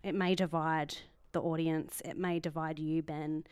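A woman's voice: deep voice, flat delivery, a little slow, a little mellow, clear, resonant tone, dry recording, clean studio sound. A young woman co-hosting a podcast in rambling casual chat with laughing asides. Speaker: podcast co-host.

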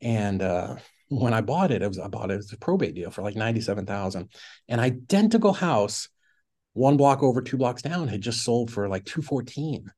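Chatty and very animated, this middle-aged man speaks at a moderate pace in a mid-range, slightly mellow voice. A real estate investor guesting on a podcast, he tells a story casually, sprinkling in "like" and reenacting what he once thought.

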